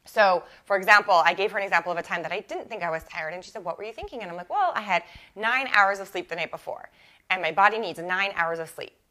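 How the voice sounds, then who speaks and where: Bright, chatty woman coaching. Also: medium pitch, fast. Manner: chatty and animated, with frequent "like" and self-corrections. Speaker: life coach and podcast host. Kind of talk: casual solo podcast teaching.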